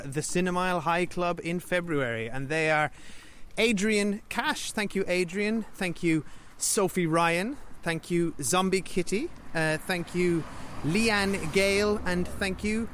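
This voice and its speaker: A man's voice: high voice, fairly bright tone, slight background noise. An Irish man co-hosting a film review podcast, talking casually with lots of fillers and restarts. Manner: chatty, with many fillers and restarts. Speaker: podcast co-host.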